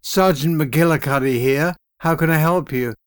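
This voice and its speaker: A businesslike police duty sergeant speaks courteously on the phone, voiced by a male audiobook narrator. The voice is smooth, clear and a little high. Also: normal speed, no room sound, clean studio sound, natural voice.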